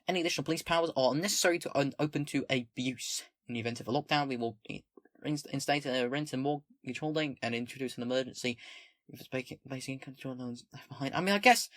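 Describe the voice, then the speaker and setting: A man's voice: medium pitch, no echo. A young man reading a document aloud with commentary, swearing casually, stumbling over words and mocking himself in asides. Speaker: political commentator.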